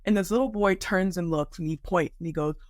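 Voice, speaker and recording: An American woman, a podcast guest and life coach, tells personal stories in a relaxed, lively way, with sudden pitch jumps when she mimics other people. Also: a little fast, dry recording, studio quality. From United States. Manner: animated, acts out quoted people with sharp pitch jumps. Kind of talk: casual conversational storytelling.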